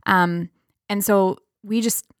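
A woman's voice: medium pitch, fairly even intonation, takes it slowly, smooth, no room sound, studio quality. A woman co-hosting a podcast, talking earnestly and casually with fillers. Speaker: podcast co-host, sociology instructor. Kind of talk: casual political chat.

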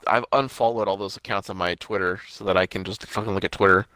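A man co-hosting a podcast, talking fast, exasperated and swearing in casual banter. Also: low voice, steady tone, sharp tone, dry recording. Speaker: podcast co-host.

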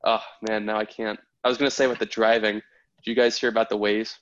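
A young man with a somewhat low voice hosts a casual podcast chat, steering to new topics and explaining at length. The call audio is dull and lo-fi. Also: little pitch movement, quick pace, crowd noise. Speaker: podcast host. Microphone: video call.

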